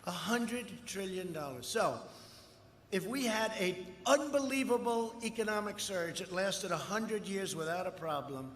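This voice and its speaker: Older man shouting a rally speech. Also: high voice, slight background noise. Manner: boastful, rambling, with frequent shouted asides. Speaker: political candidate at a rally. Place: large outdoor rally crowd. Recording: echoey live rally sound with long reverb.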